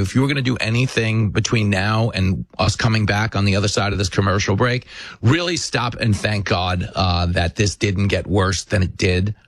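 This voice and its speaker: A man's voice: lowish voice, no room sound. Sarcastic impassioned male commentary host. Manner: fast, sarcastic, impassioned, storytelling. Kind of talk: monologue commentary.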